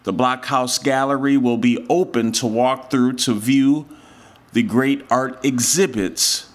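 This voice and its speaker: A man hosts a radio show in a relaxed, casual way as he reads out community event listings. He speaks slowly, and his voice has a medium pitch. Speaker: radio host.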